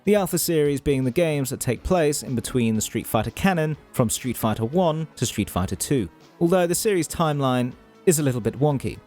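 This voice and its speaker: A man's voice: a little high, darkish tone. A man from Europe hosting a scripted video essay, narrating with wry, self-deprecating asides.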